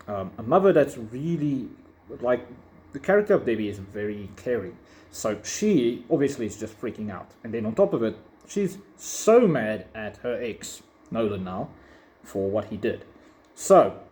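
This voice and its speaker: Guy ranting casually in a review, lots of ums and likes, mid pitch. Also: a little mellow. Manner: opinionated, rambling with fillers. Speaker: video reviewer. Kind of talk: casual commentary.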